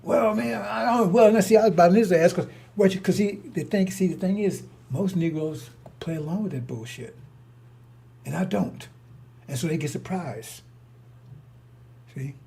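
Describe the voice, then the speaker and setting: A man's voice: sits high, normal speed, long pauses, dark tone. An older man telling stories in a rambling monologue, blunt and confrontational, with frequent restarts and cursing. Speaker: storyteller.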